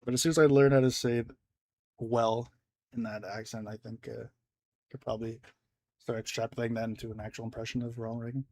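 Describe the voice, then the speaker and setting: A man's voice: medium pitch, flat delivery, fast talker, a little mellow, no room sound. A man streaming a game, rambling casually to his chat with lots of fillers and restarts. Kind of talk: casual gameplay commentary. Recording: noisy background.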